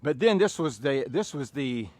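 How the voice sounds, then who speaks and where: A middle-aged man with a Southern US accent telling a story casually, animated, chuckling and restarting phrases. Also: mid-range voice, moderate pace, no room sound. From Southern United States. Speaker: fitness coach and storyteller.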